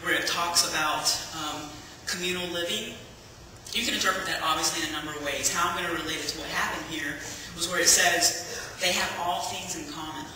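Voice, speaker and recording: Man, high voice, very bright tone, chatty church testimony, heard from far off in a big reverberant hall. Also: steady tone, a little fast, a little hiss or hum. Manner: storytelling, chatty, with many fillers. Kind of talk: personal testimony to a congregation.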